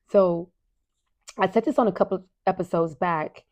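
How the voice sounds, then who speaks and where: A middle-aged woman hosting a parenting podcast in a casual, earnest monologue. She often asks "right?", calls her listeners "you guys", and sometimes drops to a soft whisper for emphasis. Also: on the low side, moderate pace, pauses often.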